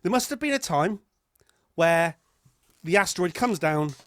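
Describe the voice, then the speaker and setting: A man's voice: high-pitched, lively intonation, unhurried, fairly bright tone, no room sound. A British man co-hosting a comedy podcast, chatting casually with dry, musing remarks and rhetorical questions. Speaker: podcast co-host.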